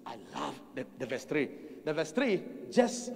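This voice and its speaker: A man's voice: on the high side, big pitch swings, a little slow, vocal fry, darkish tone. A man with a Ghanaian accent preaching a sermon at a conference, driving points home by repeating them and calling for the congregation to respond. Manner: emphatic repetition and call-and-response with the congregation. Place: large conference hall. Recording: reverberant hall, faint music behind.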